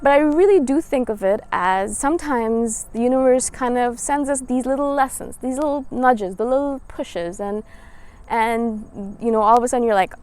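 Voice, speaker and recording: A woman in her thirties with a slightly high voice speaks straight to her viewers in a relaxed vlog style. She is earnest and encouraging, and hammers home her advice through steady repetition. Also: moderate pace. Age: 30s. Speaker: spiritual vlogger. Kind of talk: casual motivational monologue.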